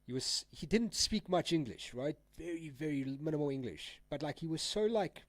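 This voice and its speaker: A man's voice: a little high, expressive, normal speed, no room sound. Laid-back streamer guy. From South Africa. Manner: laid-back, rambling, slangy, laughs often. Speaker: trading livestreamer. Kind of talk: casual live-stream chat.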